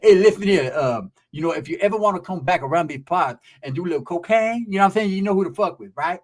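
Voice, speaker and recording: A man's voice: sits high, animated, quick pace. A man voicing a flashy older man who is boastful and teasing, drawling in swaggering street talk. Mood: sly.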